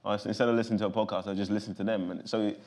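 Lively London man with a low voice. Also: rapid-fire. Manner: animated, loose, full of fillers like "you know what I'm saying". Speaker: actor guest. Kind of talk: casual interview answers.

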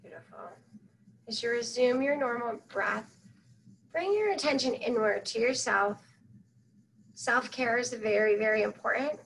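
A woman guides a meditation at a very slow, unhurried pace, her voice set a little high and kept soft and soothing. She leaves long pauses between phrases. A faint hiss of noise sits under the recording. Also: gravelly, rough recording.

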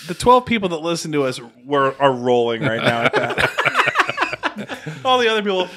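Jokey man with a lively voice. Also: a little high, moderate pace. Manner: jokey, teasing, laughs often. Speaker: podcast co-host. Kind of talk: casual chat.

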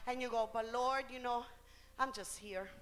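High bright-voiced woman preaching bilingually. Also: steady tone, normal speed. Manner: switches between Spanish and English phrase by phrase; rises and falls in intensity, drawing out key words. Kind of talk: bilingual sermon. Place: church.

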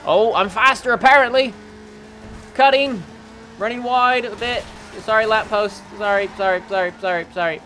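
A young man from Canada giving rambling, excitable let's-play commentary over a racing game, often jumping into high yelps. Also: slight background noise. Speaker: gaming channel host.

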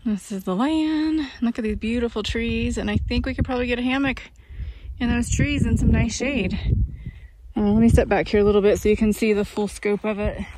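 A woman's voice: a little high, fairly even intonation, brisk. A woman vlogging about van life, chatting casually with fillers while walking outdoors on windy hills and filming with a handheld camera. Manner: chatty, enthusiastic, rambling with fillers. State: out of breath while walking uphill. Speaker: vanlife vlogger. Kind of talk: casual vlog narration and walk-and-talk.

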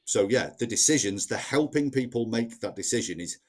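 A man's voice: mid-range voice, expressive, fairly quick. A man with a Northern English accent, a sales trainer talking casually in a podcast and explaining his process step by step. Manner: plain-spoken, explains step by step with acted-out quotes.

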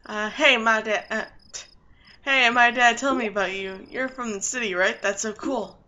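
A woman's voice: on the high side, steady tone, moderate pace, pushed and bright. A woman doing a bubbly eager young villager. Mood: excited.

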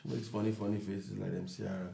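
A man's voice: lowish voice, level tone, quick pace, vocal fry, mellow. A man from Nigeria, teasing his wife in casual banter on a couple's vlog. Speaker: vlog co-host. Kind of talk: casual chat.

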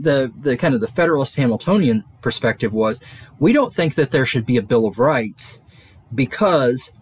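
Lively, husky-voiced male lecturer. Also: mid-range voice. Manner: rambling, many fillers and restarts. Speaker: college lecturer. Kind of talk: classroom lecture.

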